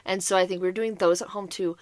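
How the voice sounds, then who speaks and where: A woman co-hosting a podcast, telling a chaotic holiday story in casual, animated chat, swearing and laughing as she goes. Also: mid-range voice, quick pace, no echo. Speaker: podcast co-host.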